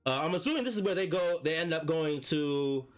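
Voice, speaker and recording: A man co-hosting a podcast, recapping a chapter in a relaxed casual way and laughing often. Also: a little high, fairly quick, clean tone, soft background music.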